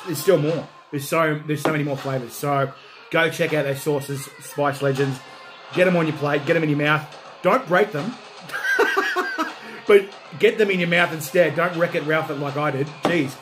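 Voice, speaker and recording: An Australian man reviewing hot sauces in a loud, jokey, whooping livestream style. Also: a little high, steady tone, moderate pace, music in the background.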